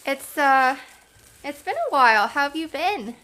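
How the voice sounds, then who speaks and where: A woman's voice: high voice, sing-song, a little slow, sharp tone. A young woman at home on a webcam call, hosting an online party for her dog, cooing at him and giving him commands. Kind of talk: casual chat on a video call.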